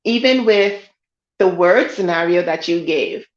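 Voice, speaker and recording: A woman's voice: fairly low pitch, a little slow. A woman co-hosting a casual podcast chat, explaining her points steadily, step by step. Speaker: podcast co-host. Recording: echoey, dull lo-fi sound.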